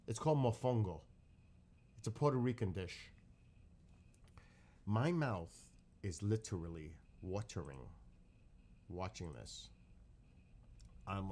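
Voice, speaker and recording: A man with a fairly low speaking voice chats about a home-cooked dish in a loose, rambling way. He gets excited, repeats himself, and backtracks to correct his steps as he explains. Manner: excitable, keeps repeating how hungry he is. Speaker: streamer reacting to his own cooking clip. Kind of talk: casual chat and recipe explanation.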